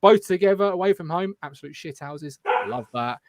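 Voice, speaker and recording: High-voiced English football fan host. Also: male voice, expressive, brisk, a crowd in the background. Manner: banter, reads viewer comments aloud. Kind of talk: casual football fan chat.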